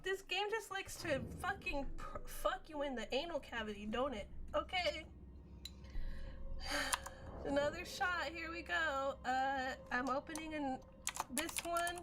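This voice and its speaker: A tipsy woman streaming a game, reacting loudly with swearing and laughter. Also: high-pitched, a little slow, noisy background. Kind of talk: live gaming stream with drinking game.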